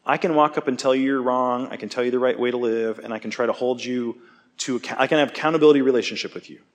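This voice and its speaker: A man giving a conversational sermon, relaxed and self-deprecating, often checking in with his listeners. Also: medium pitch, fast talker. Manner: casual, self-deprecating, asks "okay?" often. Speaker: preacher.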